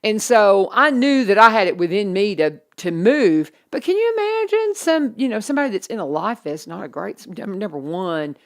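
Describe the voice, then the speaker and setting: A woman, hosting a casual morning radio chat in a chatty, animated way. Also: mid-range voice. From Kentucky Lake region. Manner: chatty and animated, quick asides. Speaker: radio host.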